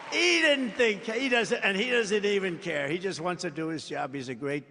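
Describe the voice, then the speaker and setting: A political candidate at a campaign rally gives a rambling, boastful speech into a podium microphone, tossing off-the-cuff asides to the crowd in a large venue. His voice is high-pitched, bright and forceful at normal speed. The big rally hall produces long reverb.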